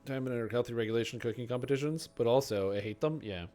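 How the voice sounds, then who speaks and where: A young man chats loosely while streaming a game. He answers his viewers with rambling asides and self-mocking jokes. His voice sits at an everyday middle pitch. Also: fast, dark tone, faint music behind. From Canada. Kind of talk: casual live-stream chat, answering chat.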